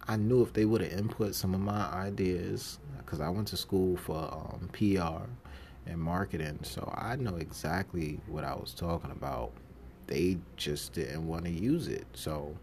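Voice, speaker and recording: A deep-voiced man from New York City hosts a podcast at a measured pace, rambling casually about jobs he's held. He gives the people he quotes lively voices and laughs often, with faint noise in the background.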